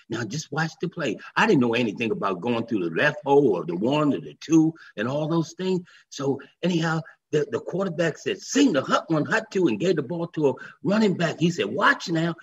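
Older man telling lively stories, lo-fi line. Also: a little high, breathy edge. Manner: animated storyteller acting out quoted voices. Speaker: guest, former pro football player. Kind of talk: storytelling interview. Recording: dull lo-fi remote line with faint noise.

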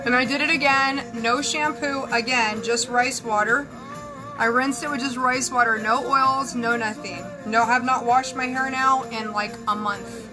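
Chatty high-voiced Southern woman. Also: fairly even intonation, measured pace, music in the background, low-quality recording. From Southern United States. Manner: chatty, candid and playful, talking to viewers while doing her hair and makeup. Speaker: psychic and spiritual advisor. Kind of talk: casual live-stream chat.

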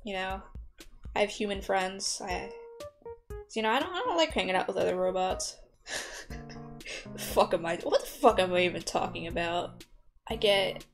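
A woman's voice: mid-range voice, vocal fry. A young woman rambling casually as she draws, swearing a lot, mocking herself and laughing often. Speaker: artist vlogger. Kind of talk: casual rambling commentary while drawing. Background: soft background music.

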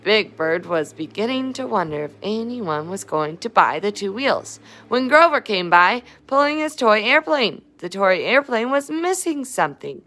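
A woman's voice: medium pitch, sing-song, moderate pace, hardly any pauses, fairly bright tone. A woman reading a picture book aloud to children, adding chatty asides to her young listeners. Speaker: storybook reader.

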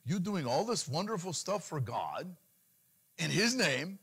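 Animated man preaching a sermon. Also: measured pace, creaky, slightly rough. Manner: animated preaching, mimics anxious pleas in a higher voice. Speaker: pastor.

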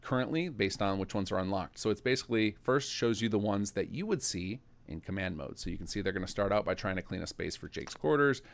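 A man's voice: lowish voice, expressive, quick pace, gravelly, hardly any pauses. A man who develops a game mod walks through its new features in a casual, explanatory screen-recorded tutorial, thinking aloud as he clicks through menus.

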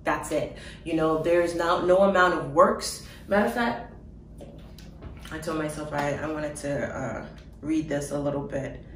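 A woman telling of her dream in an emotional personal testimony, halting with fillers and soft laughs. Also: sits low, roomy sound, distant mic, slight background noise, low-quality recording.

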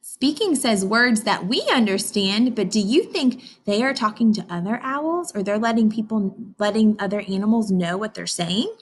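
A woman's voice: medium pitch, expressive, moderate pace, hardly any pauses, slightly rough. A woman teacher reading a picture book aloud to children, asking them questions and imitating animal sounds. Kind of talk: children's read-aloud lesson.

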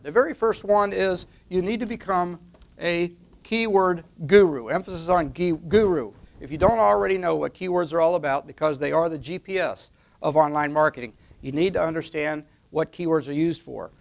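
A man with a slightly raised, gravelly voice walks through a list of business steps one by one. He talks in an emphatic teaching manner and keeps checking in with "okay?" as he points to a board. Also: high-pitched. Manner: step-by-step, emphatic, repeats with "okay?". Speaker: online marketing consultant. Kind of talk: instructional talk at a whiteboard.

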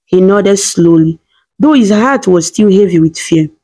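A woman reading a scripted story in a steady, dramatic way. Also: mid-range voice, measured pace.

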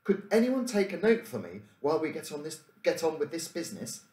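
An earnest young boy hero with a worried edge, as a man reads him out. The voice is animated, and it rings a little in a roomy space. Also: fairly high pitch, a little fast, voice pushed up. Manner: earnest, slightly anxious. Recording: roomy room echo.

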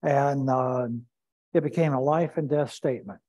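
Man, pastor, bible study teaching, deliberate, repeats phrases, dark mellow voice. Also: medium pitch, steady tone, rough recording.

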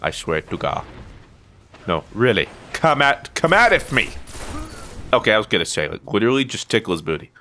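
Excitable American man commentating a game. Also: lowish voice, a little fast, long pauses, a little hiss or hum. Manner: excitable, yelps and exclaims during fights; playful trash talk. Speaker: gaming YouTuber. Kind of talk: casual gameplay commentary.

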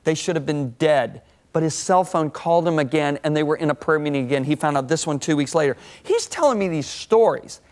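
60s guy on a tv talk show, preachy storytelling, kinda high voice that jumps around a lot. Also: brisk. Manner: lively, swings pitch up and down while telling stories. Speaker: guest speaker on a TV talk show. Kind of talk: animated storytelling sermon-talk.

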